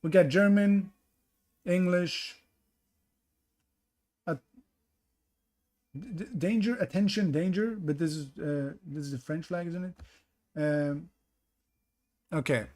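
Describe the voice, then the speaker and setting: A man's voice: sits high, measured pace, long pauses, a little mellow. A man streaming a map-guessing game, thinking aloud and greeting viewers in chat between guesses. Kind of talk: casual live-stream commentary.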